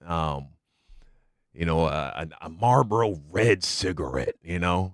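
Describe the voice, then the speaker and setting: A man's voice: low voice, expressive, a little slow, dry recording, studio quality. A man streaming reactions, musing aloud in a laid-back way with plenty of slang. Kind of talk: casual reaction commentary.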